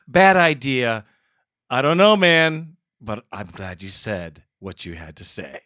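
A man's voice: medium pitch, slow pace, no room sound, studio quality. A man hosting a fan podcast, swearing and laughing as he runs a mock group therapy session. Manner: profane, laughing, animated. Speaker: podcast host.

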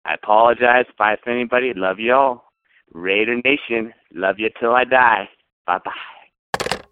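A man's voice: mid-range voice, brisk, smooth, no echo. Ranting man on a tinny phone line. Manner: ranting, sarcastic, emphatic. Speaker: caller. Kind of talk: fan call-in rant.

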